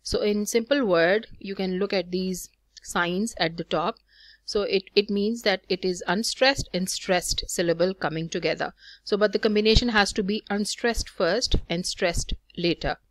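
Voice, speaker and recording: A woman's voice: medium pitch, moderate pace, dry recording, clean studio sound. A woman teaching a recorded lesson on poetic meter, explaining step by step, counting through examples with frequent fillers. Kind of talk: recorded lecture on poetry.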